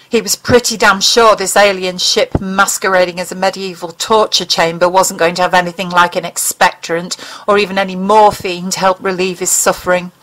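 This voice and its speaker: A woman's voice: mid-range voice, fairly bright tone, rough recording. Woman reading a dramatic audiobook. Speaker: audiobook narrator. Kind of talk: audiobook narration.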